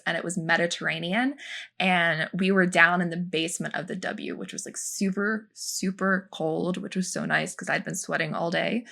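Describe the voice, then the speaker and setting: A young woman chatting on a podcast with a low, gravelly voice and a bright, forceful edge. She tells stories from a film set in an animated, rambling way, leaning on lots of "like" and "um". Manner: animated storytelling, many fillers. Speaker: podcast co-host, former film extra. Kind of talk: casual podcast chat.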